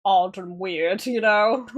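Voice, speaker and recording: A woman casually commenting on a game she plays, chatty and quick to laugh and react out loud. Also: mid-range voice. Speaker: let's play streamer.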